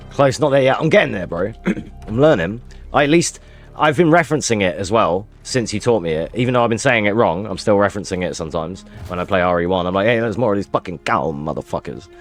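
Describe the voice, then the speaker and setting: A man with a low voice talks through his live game run, mixing tips with banter and laughs for his chat. Quiet music plays under him. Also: brisk. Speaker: streamer. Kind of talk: live gameplay commentary.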